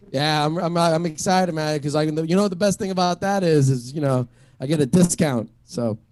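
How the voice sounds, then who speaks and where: A man's voice: fairly high pitch, unhurried, long pauses, darkish tone. A man doing a stand-up set at an online open mic, rambling and profane, full of fillers and restarts. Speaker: stand-up comic.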